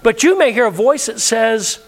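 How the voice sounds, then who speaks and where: A man's voice: very high-pitched, animated, moderate pace. A male pastor preaching a sermon, leading the congregation in call-and-response with emphatic delivery. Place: church sanctuary.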